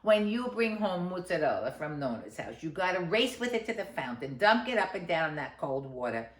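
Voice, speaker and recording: A woman's voice: fairly low pitch, sing-song, moderate pace. A woman voicing an exasperated mother who scolds her son and tells him what to do, recorded in a roomy space. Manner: exasperated, instructing. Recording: roomy echo.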